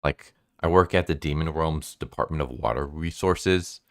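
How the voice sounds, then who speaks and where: Casting: a man doing a laid-back teasing male demon, very deep voice, dry close sound. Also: normal speed, no room sound. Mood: casual. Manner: casual, teasing. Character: mocking male demon, later sympathetic and chummy.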